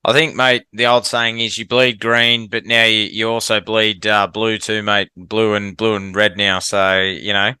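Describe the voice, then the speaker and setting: A man's voice: on the low side, flat delivery, measured pace, few pauses, pushed and bright, smooth, no echo. An Australian man hosting a podcast, asking questions enthusiastically and saying "mate" a lot. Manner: enthusiastic, says "mate" often. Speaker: podcast host, firefighter. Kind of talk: casual podcast interview.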